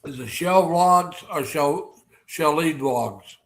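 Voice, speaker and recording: A man's voice: on the high side, slow pace. A man hosting a casual livestream, rambling and greeting viewers by name with lots of fillers and restarts. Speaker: livestream host.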